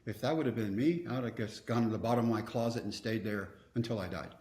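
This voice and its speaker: A man's voice: on the low side, quick pace, darkish tone, reverberant. A man, telling personal stories earnestly as a podcast guest. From Texas. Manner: earnest, reflective storyteller. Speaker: guest speaker. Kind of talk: storytelling interview.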